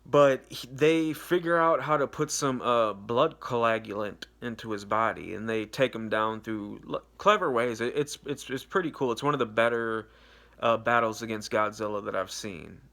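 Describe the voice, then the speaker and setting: A young man talks loosely about a film he just watched, peppering it with curses and fillers. His voice sits at an ordinary middle pitch. It sounds like an offhand vlog review. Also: moderate pace, sharp tone. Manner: rambling, profane, loose and unscripted. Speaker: movie reviewer. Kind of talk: casual spoken movie review.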